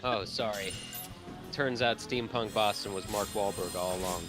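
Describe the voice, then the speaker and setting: A man's voice: fairly low pitch, moderate pace. A man co-hosting a gaming stream, chatting casually and making wry jokes. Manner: wry, joking asides. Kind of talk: casual chat while gaming. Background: game music.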